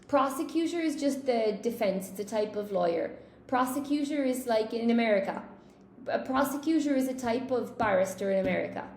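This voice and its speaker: A woman teaching English live, chatty and relaxed as she answers viewers and trips over her own words. Her voice sits a little high with a gravelly edge. She sounds like she is in an echoey room with a faint hiss behind her. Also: brisk. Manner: chatty, reads chat questions aloud, laughs at own slips. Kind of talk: live-streamed English lesson.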